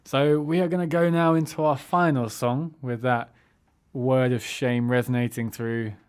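A man's voice: mid-range voice, steady tone, moderate pace, smooth. A man co-hosting a comedic radio show in a studio, chuckling and easygoing as he signs off. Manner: laid-back, chuckling, wraps up the show. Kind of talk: casual comedic radio chat.

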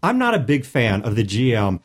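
A man's voice: mid-range voice, wildly swooping pitch, fairly quick, slightly rough. A man co-hosting a casual podcast about tabletop role-playing, talking in a wry, joking way and acting out quoted players. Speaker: podcast co-host. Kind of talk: casual roundtable chat about tabletop gaming.

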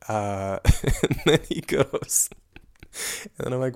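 A young man with a low, gravelly voice tells a story from his travels in a loose, rambling way. He pokes fun at himself and often laughs as he goes. His delivery stays casual and conversational. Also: lively intonation, slow pace, pauses often. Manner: rambling, self-mocking, laughs through the telling. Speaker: traveler recounting a trip.

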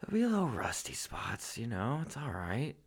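A man's voice: medium pitch, wildly swooping pitch, fairly quick, husky. A young man co-hosting a podcast, joking and swearing casually in a laid-back way. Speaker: podcast co-host. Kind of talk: casual chat.

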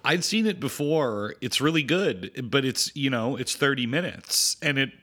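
A man's voice: medium pitch, expressive, normal speed, a bit bright, slightly rough. A man co-hosting a podcast, talking casually and rambling about films while acting out lines from them. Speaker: podcast co-host. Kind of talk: casual film discussion.

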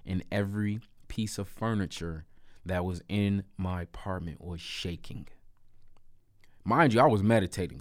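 Deep-voiced guy telling a story, emphatic, lots of asides, dry sound. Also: dry recording. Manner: animated, emphatic, repetitive asides. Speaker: storyteller vlogger. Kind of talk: casual first-person storytelling.

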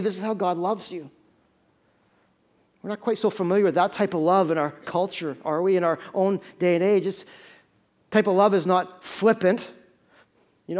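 Male pastor, fairly high voice, earnest conversational sermon delivery. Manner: earnest, conversational preaching with dramatic pauses.

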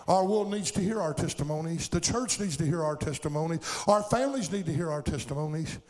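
Middle-aged man, preacher, sermon storytelling, rising fervor, slightly high voice. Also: brisk, hardly any pauses, darkish tone. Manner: storytelling, building to fervent exhortation.

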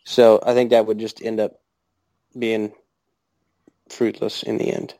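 A man's voice: lowish voice, little pitch movement, measured pace, warm tone, no echo. A man chatting casually as a guest, joking and self-deprecating. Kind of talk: casual chat.

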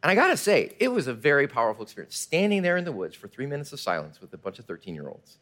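A male pastor preaching a sermon in an animated way, sometimes dropping to a hush. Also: mid-range voice, fast talker. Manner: animated preaching, drops to a hush for quiet moments.

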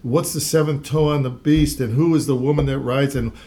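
A man's voice: medium pitch, fairly even intonation, a little fast, dark tone. A man co-hosting a Christian talk show, teaching the Bible in an earnest, conversational way and reading scripture aloud with rising emphasis.

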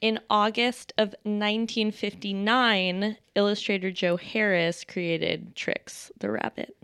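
Slow, smooth-voiced deadpan woman. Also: medium pitch, no echo, studio quality. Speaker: podcast co-host. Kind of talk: casual chat.

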